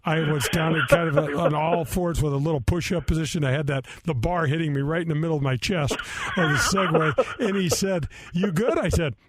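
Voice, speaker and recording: A man's voice: a little high, fairly quick, few pauses, heavy background noise. A man in his sixties hosting a golf radio show, telling self-mocking stories in a rambling, chatty way. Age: 60s. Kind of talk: casual radio chat.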